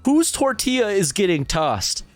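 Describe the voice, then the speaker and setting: Slow, lively-pitched swearing streamer man. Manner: crude, swears freely, rambling. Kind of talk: casual live reaction commentary.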